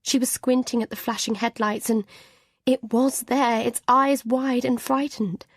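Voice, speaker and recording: A woman reading a first-person suspense thriller audiobook in an even, measured voice, at times dropping to a whisper in tense dialogue. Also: on the high side, no room sound, studio quality. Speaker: audiobook narrator.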